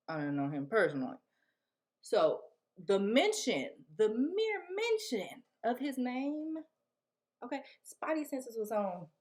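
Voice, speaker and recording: A young woman vlogger with a medium-pitched voice tells a casual storytime tale. She is animated, laughs often, and acts out the people in the story.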